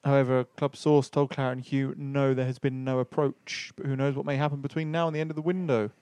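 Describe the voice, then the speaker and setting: Brisk man hosting a podcast. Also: mid-range voice, flat delivery, mellow, clear, resonant tone, no room sound. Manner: brisk, keeps things moving. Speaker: podcast host. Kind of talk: casual chat, reading news items.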